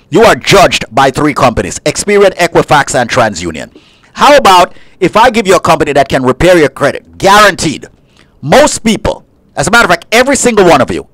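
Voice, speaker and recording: Male radio co-host, high and animated, hard-sell pitch style, dry close sound. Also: dry recording, poor audio. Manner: punchy salesman pitch, teasing banter. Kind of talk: casual radio talk show chat with pitch reads.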